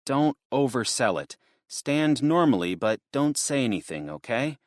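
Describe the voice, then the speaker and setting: A man's voice: medium pitch, big pitch swings, measured pace, no echo, studio quality, voice pushed up. A man voicing an anxious young man who pleads and pushes to get where he is going. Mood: urgent, pleading. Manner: earnest, urgent.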